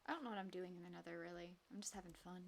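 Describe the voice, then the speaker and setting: A woman's voice: lowish voice, rapid-fire, creaky, a little hiss or hum. Chatty woman streamer talking to herself. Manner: chatty, talks to herself, sing-song and exclaiming. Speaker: streamer playing a block-building game. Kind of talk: casual live-stream gameplay chat.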